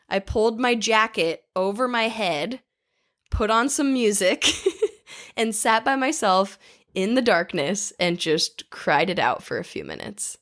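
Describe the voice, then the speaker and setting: A woman's voice: on the high side, a bit bright. A woman hosting a podcast, talking in an upbeat, casual way. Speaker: podcast host.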